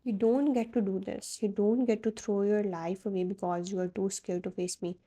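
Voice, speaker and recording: A hurt young wife, proud and fierce, her words sharp with reproach, voiced by a woman reading the story. The tone stays warm and mellow beneath the edge. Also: mid-range voice, fairly even intonation, moderate pace, natural voice. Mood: furious.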